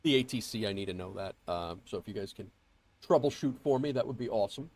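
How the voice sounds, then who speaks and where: A man's voice: lowish voice, expressive, quick pace, a little mellow. A man streaming a flight sim, chatting casually and greeting viewers, nasal and congested from a cold and rambling with fillers and restarts. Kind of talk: casual livestream chat. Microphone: earbuds mic.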